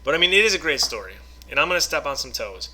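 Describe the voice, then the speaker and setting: A man's voice: a little high, very animated, fast, bright, forceful tone, a little hiss or hum. A man giving a casual Bible lesson, reading passages aloud and explaining them conversationally with frequent "okay?" and "right?" check-ins. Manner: reads scripture aloud, then explains it informally. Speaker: online Bible teacher. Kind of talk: casual scripture teaching to camera.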